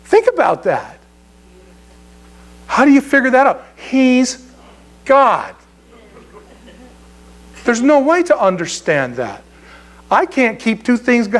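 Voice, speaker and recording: High-voiced joking male pastor. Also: sing-song, measured pace, pauses often. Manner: conversational and joking, with frequent restarts. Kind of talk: sermon. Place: church sanctuary.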